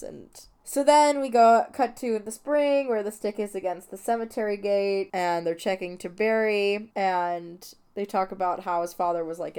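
A woman's voice: mid-range voice, mellow, clear, resonant tone. A woman hosting a film podcast, retelling a movie scene by scene in an emotional, gushing, chatty way. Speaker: podcast host. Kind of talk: casual film recap.

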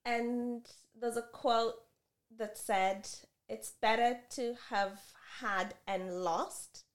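A woman co-hosting a casual podcast, telling a story with animated delivery and acting out both sides of an argument. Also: on the high side, very slow. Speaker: podcast co-host.

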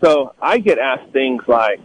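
A middle-aged man from Northern California in a casual storytelling talk, animated, acting out the people he quotes in a higher voice. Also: a little slow, slight background noise, rough recording. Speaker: guest telling life stories.

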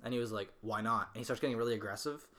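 A young man co-hosting a podcast, telling a story in an animated way, swearing freely and laughing as he talks. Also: on the low side, rapid-fire. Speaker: podcast co-host.

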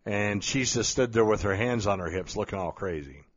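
A man with a lowish voice tells a story as a motivational speaker, speaking at normal speed in a blunt, emphatic style with some mild cursing. It's a storytelling monologue captured on a slightly dull lo-fi recording.

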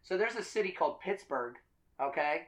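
A podcast host with a slightly high, fairly bright and expressive voice talks a little fast through a casual drinking podcast. He rambles, repeats his words and laughs often, and the audio quality is poor.

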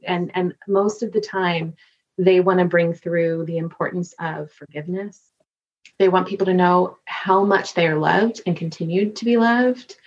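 A woman who works as a medium tells stories in a podcast interview, acting out the voices as she goes. Her voice sits lowish and the highs are cut off, and she delivers everything as an animated storyteller.

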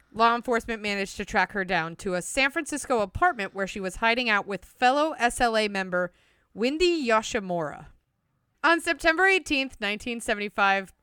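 A woman's voice: mid-range voice, sharp tone, clear, resonant tone, dry recording, clean studio sound. A young woman co-hosting a podcast, retelling a true-crime case from notes with chatty asides. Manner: reads notes with chatty asides and frequent laughter. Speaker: podcast co-host. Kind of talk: casual true-crime storytelling.

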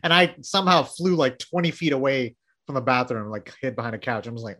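Bright, chatty male interview host. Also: medium pitch. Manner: chatty, animated, quick rapid-fire questions. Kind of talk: casual video interview.

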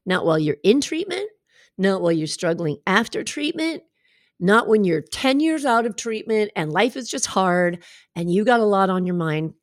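A woman's voice: medium pitch, big pitch swings, normal speed, no room sound, studio quality. A woman speaking as a breast cancer coach in a podcast monologue, passionate and emphatic, addressing the listener directly.

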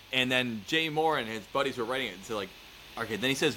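Animated man telling stories, noisy room. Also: medium pitch, fast talker. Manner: animated storyteller, swearing, acting out quotes. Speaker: podcast co-host. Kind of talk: casual chat.

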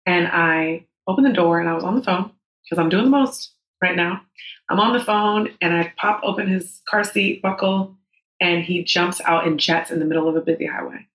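A woman's voice: on the low side, moderate pace, fairly bright tone. Candid woman in her thirties, roomy sound. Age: 30s. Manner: candid and emotional, with frank swearing. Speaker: podcast guest. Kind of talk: personal storytelling in a podcast interview. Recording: roomy echo.

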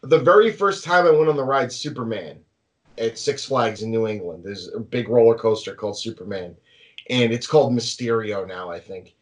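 A man hosting a casual podcast chat, an animated storyteller who laughs often. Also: mid-range voice, normal speed. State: anxious about flying. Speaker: podcast host.

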